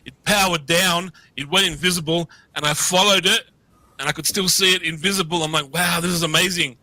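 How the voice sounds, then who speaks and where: A middle-aged man rambles through a long story over a video call, swearing freely and often starting his sentences over. His voice is very bright and sits a little high, with a dry sound and no room around it. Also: steady tone, brisk, dry recording, rough recording. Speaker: guest. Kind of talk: casual storytelling.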